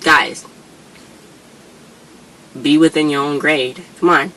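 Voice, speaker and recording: A woman casually recapping a TV episode in a chatty, lively way, often slipping into quoted lines from the characters. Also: low-pitched, takes it slowly, poor audio. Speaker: YouTube show recapper.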